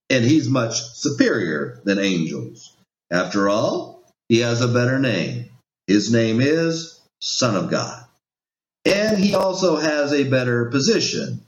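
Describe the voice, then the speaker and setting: A pastor preaches and reads scripture in a lively, swooping voice of middle pitch. His emphatic delivery climbs and falls sharply. The recording is dull and lo-fi, in a roomy, echoing space. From United States. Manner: emphatic preaching with wide rises and drops in pitch. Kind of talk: sermon with scripture reading. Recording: echoey room, dull lo-fi sound.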